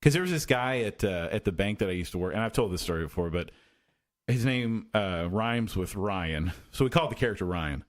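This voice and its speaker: A man's voice: fairly low pitch, lively intonation, a little fast. Rambling, hesitant male podcast co-host. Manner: rambling, hesitant, many restarts and fillers. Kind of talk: casual chat.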